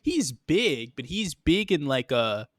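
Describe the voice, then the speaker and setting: A man from the Boston area co-hosting a wrestling podcast in casual chat, joking and swearing with quick riffs. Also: a little high, very animated, no echo, clean studio sound. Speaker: podcast co-host.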